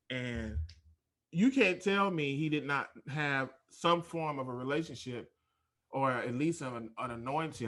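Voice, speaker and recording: A man's voice: medium pitch, bright, forceful tone. Earnest podcast host man. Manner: earnest, emphatic, talks in quick bursts. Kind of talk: casual conversation.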